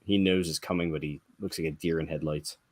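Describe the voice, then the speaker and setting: A man's voice: extremely low pitch, steady tone, a little fast, a little mellow. A man co-hosting a casual sports podcast, breaking down plays analytically and quizzing the others on stats. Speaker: podcast co-host.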